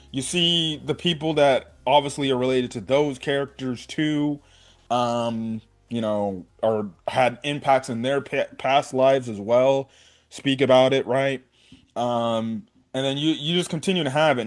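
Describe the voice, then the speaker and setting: A young man giving a casual, excited episode review, talking in a loose run of fillers and slang. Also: medium pitch. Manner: excited fan talk, many fillers and "bro". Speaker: anime reviewer.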